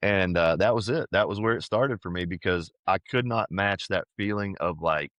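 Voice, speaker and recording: A powerlifter appears as a guest on a podcast, sharing a personal story in a relaxed, sincere way and frequently saying "dude" and "man." His voice is deep and fairly bright, with a normal pace. The recording is muffled but has no echo.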